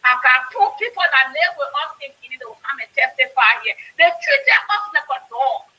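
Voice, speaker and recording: A woman's voice: high voice, sing-song, fairly quick, pushed and bright. A woman from Liberia, calling in to a live show over the phone and speaking emotionally, often repeating herself. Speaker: caller. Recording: phone line.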